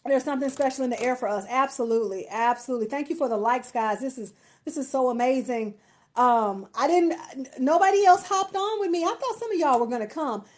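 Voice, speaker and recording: A woman talks to her followers on a phone live stream, gushing with gratitude and often restarting her sentences. Her voice sits a little high for a woman. She speaks as a marketer and empowerment coach, in a casual, chatty way. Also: expressive, fairly quick. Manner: effusive, grateful, lots of restarts and laughter.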